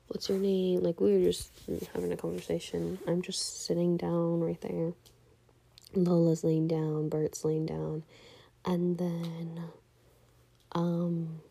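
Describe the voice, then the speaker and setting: Hushed, husky young woman telling a story. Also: on the low side. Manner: casual, lots of "like", often whispery and hushed. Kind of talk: personal storytelling.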